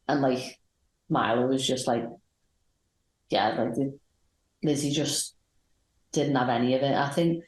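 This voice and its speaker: A woman's voice: very deep voice, normal speed, pauses often, darkish tone. A woman co-hosting a podcast, recapping matches in a rambling, enthusiastic chat. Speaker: podcast co-host. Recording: roomy echoey sound.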